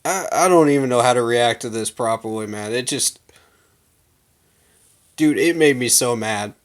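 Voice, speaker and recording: A man's voice: mid-range voice, moderate pace. A man hosting a fan channel, giving a heated, emphatic rant full of slang to his viewers. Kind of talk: casual fan rant to camera.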